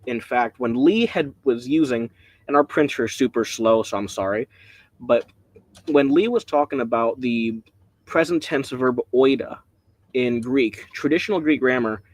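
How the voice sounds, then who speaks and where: A man leading a casual Bible study, rambling and excitable, often breaking off mid-sentence, speaking from home. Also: medium pitch, normal speed, no room sound. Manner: rambling, excitable, self-interrupting.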